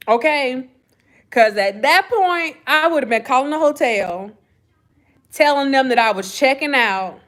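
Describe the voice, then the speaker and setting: A woman's voice: high voice, a bit bright. A woman, telling a gossip story in casual chat and laughing often. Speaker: vlogger.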